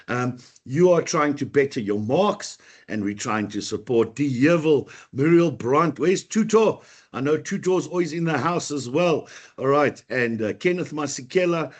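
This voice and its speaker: A man with a South African accent, a teacher running a live online lesson, upbeat and chatty as he greets students by name. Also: medium pitch. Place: online video meeting.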